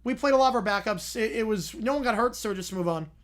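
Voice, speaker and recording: A young man hosting a casual livestream, answering viewer questions with quick reactions and frequent "yeah"s. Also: high-pitched, a bit bright. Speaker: livestream host reading chat.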